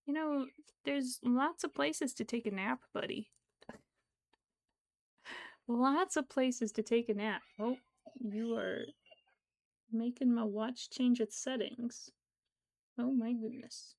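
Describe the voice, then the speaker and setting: A woman streaming her crochet work, talking softly in baby talk to her cat between steps. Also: on the high side, fairly even intonation, takes it slowly, pauses often. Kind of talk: casual livestream chat.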